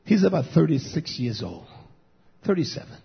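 Husky, fiery preacher, muffled lo-fi recording. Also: male voice, sing-song, moderate pace. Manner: emphatic, blunt, swings from shouting to low muttering. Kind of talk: fiery sermon.

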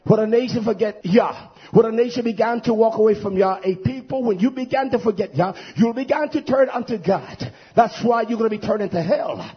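High, husky fiery preacher man. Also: fairly quick, few pauses. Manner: fiery preaching, stretched emphatic phrases with frequent "uh". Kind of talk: sermon. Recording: dull lo-fi recording.

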